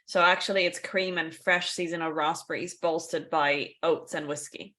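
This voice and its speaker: A woman's voice: sits low, fairly even intonation, moderate pace, a bit bright. A woman co-hosting a casual podcast, explaining things in a chatty way with asides and small laughs. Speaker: podcast co-host.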